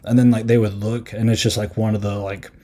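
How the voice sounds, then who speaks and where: Casual man with a dark, mellow voice. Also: lowish voice, level tone, fairly quick. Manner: rambling, many fillers, acts out quotes. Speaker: podcast host reviewing a film. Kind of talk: casual spoken film review.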